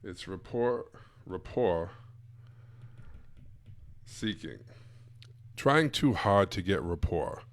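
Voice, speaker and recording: A man's voice: deep voice, animated, extremely slow, long pauses. A man giving a blunt, casual live-streamed coaching talk to sales coaches, full of emphatic asides.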